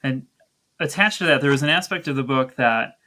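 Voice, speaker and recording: A man hosting an interview, telling a personal story in a relaxed conversational way. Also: mid-range voice, fairly quick.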